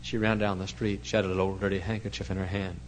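A male pastor telling a story in a sermon, swinging from hushed to loud. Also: low-pitched, flat delivery, fast, slight background noise, rough recording.

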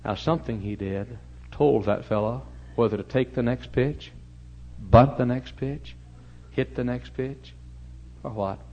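A man preaching a storytelling sermon in a church, talking animatedly and getting suddenly loud when he acts out shouted commands. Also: mid-range voice, a little slow, muffled recording. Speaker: pastor.

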